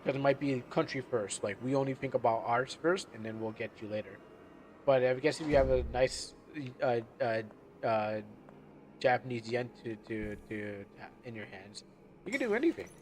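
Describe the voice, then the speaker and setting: A man talks casually while streaming a video game, his voice sitting at an everyday middle pitch. He rambles, stops mid-thought and circles back. A faint hiss of noise sits under the recording. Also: lively intonation, normal speed. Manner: rambling, chatty, loses his train of thought. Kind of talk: casual live gameplay commentary.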